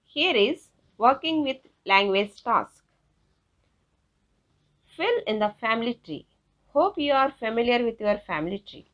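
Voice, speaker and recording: A woman teacher with an Indian English accent, explaining a classroom lesson slowly and carefully. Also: on the high side, lively intonation, fairly bright tone. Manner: slow, careful, instructive. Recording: dull lo-fi recording.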